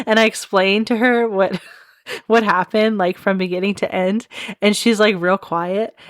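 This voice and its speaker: A woman's voice: medium pitch, dry recording, clean studio sound. A young woman hosting a podcast, telling a rambling story in a casual chat, laughing often and dropping self-deprecating asides. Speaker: podcast host.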